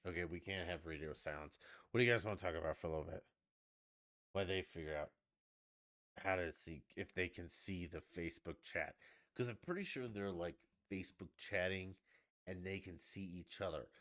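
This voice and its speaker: A man hosting a podcast livestream, ranting casually with lots of swearing and sudden loud outbursts. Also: low voice, normal speed. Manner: profane, ranting, animated outbursts. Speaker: podcast host.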